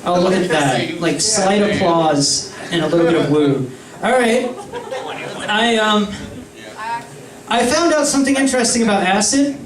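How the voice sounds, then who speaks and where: Young male stand-up comic, animated storyteller, echoey room, distant mic. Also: high voice, unhurried, long pauses, crowd noise. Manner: animated storytelling, switching voices and yelling in bits. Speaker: stand-up comedian. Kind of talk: stand-up comedy set. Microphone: stage mic.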